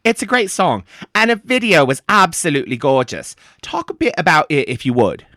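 A man's voice: high-pitched, lively intonation, moderate pace, pushed and bright, no room sound, pitched above the performer's own voice. A man playing a fawning, starstruck radio interviewer in a comedy sketch, who keeps slipping into a British accent. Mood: gushing.

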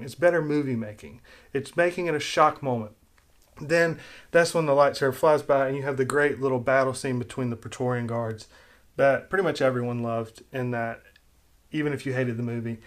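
Opinionated man rambling about a film. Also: medium pitch. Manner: opinionated, rambling, animated when critical. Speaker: film commentator. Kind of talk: casual rewrite commentary.

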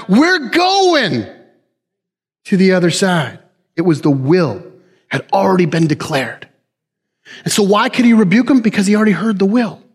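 A man with a notably high voice preaches a sermon, dropping low and quiet, then rising to forceful shouted emphasis. His voice rings with the long reverb of a big church hall. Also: breathy edge. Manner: dynamic preaching, swinging from low hushed lines to loud emphatic shouts.

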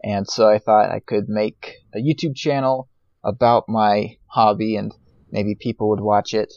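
A man answering as a guest in a casual podcast interview, hesitant, with many pauses for uh and um. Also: lowish voice, fairly even intonation, creaky, darkish tone, dry recording. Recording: dull lo-fi audio.

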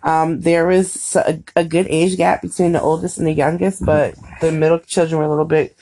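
A woman in her thirties chatting casually with her partner, telling stories in an animated, playful way. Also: low voice, brisk, a little hiss or hum. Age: 30s. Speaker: podcast co-host. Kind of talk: casual chat.

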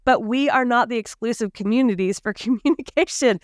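A woman's voice: on the high side, a little fast, few pauses, dry recording, studio quality. A woman guest on a podcast, speaking confidently and emphatically, giving advice. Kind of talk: casual podcast conversation.

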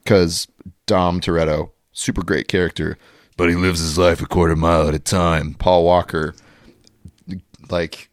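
A man co-hosting a casual film discussion podcast, relaxed and joking. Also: low-pitched, unhurried, no room sound, clean studio sound. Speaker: podcast co-host.

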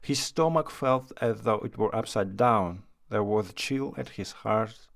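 A man narrating a classic short story in a measured reading voice. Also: medium pitch, vocal fry.

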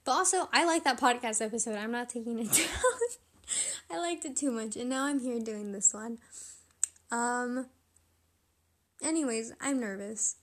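A woman's voice: a little high, normal speed, long pauses, a bit bright. Chatty young woman, rambling podcast talk. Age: young adult. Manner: chatty, rambling, self-questioning; laughs often while talking. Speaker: podcast host. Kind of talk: casual solo podcast chat.

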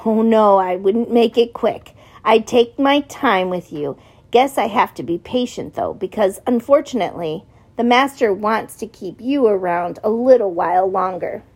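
A woman's voice: medium pitch, lively intonation, normal speed, a little mellow, breathy edge. A woman reading an audiobook, voicing a cruel grown man who taunts and threatens his captive. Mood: menacing. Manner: menacing, taunting. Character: cruel grown man, menacing thug, sneering.

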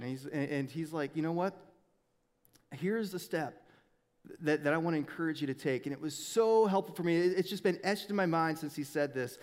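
A man preaching a sermon as a pastor, telling a candid personal story with frequent restarts and stumbles. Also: on the high side. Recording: long hall reverb.

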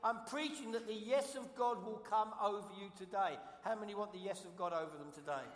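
A man's voice: sits high, a little fast, a little hiss or hum. A man from London with a London accent, preaching a sermon as guest pastor, emphatic and repetitive, asking the congregation questions. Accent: London English. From London, England. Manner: emphatic, repeats key phrases, asks the congregation questions. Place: church sanctuary. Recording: echoey hall, long reverb.

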